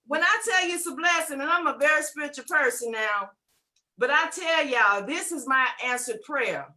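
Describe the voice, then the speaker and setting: Exuberant high-voiced woman testifying. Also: animated, moderate pace, pushed and bright. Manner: exuberant, exclaiming, preacherly. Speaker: webinar guest giving a testimonial. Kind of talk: enthusiastic testimonial.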